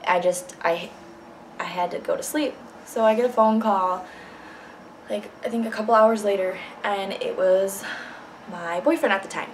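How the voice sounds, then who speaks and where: A woman's voice: mid-range voice, normal speed, a little hiss or hum, poor audio. A young woman telling a personal story in a casual vlog, blunt and candid, swearing freely. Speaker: vlogger.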